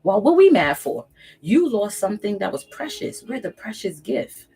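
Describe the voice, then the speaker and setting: A woman's voice: mid-range voice, very animated, fairly quick, vocal fry, a little mellow, slightly rough, rough recording. A woman reading tarot on her channel, giving emphatic, preachy spiritual advice straight to camera, repeating phrases for weight and swearing casually. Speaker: tarot reader and channel host.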